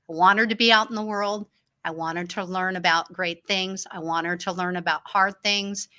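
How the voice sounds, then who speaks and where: This Illinois woman, middle-aged and hosting a talk show, speaks in a bright, forceful mid-range voice. Her earnest monologue recounts family stories, and she leaps into more animated voices to quote others.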